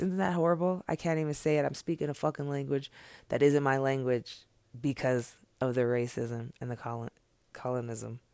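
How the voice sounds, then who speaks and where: A man's voice: fairly high pitch, smooth, no echo, clean studio sound. A man speaking straight to camera in an impassioned, unscripted monologue, blunt and profane, hammering his points with repeated phrases.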